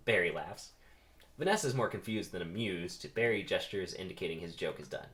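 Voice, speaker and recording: A man's voice: low-pitched, fairly quick, a bit bright. A man reading a film script's stage directions in a dry, matter-of-fact way.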